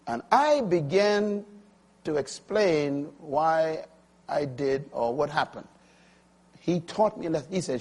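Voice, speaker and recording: A man in his sixties preaching a sermon, swinging from quiet, intimate lines to loud, emphatic ones. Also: on the high side, lively intonation, measured pace, long pauses, slightly rough. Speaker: pastor.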